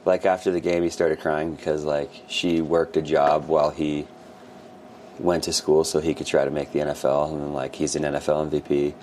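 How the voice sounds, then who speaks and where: Deep-voiced rambling man sports co-host. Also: brisk, slight background noise. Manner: rambling, filler-heavy, animated when quoting fans. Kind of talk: casual sports chat.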